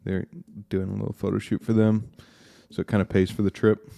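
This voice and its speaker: Deep gravelly laid-back man. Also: level tone, a little fast, dark tone. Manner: laid-back, brief replies. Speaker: guest, photographer. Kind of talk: casual chat.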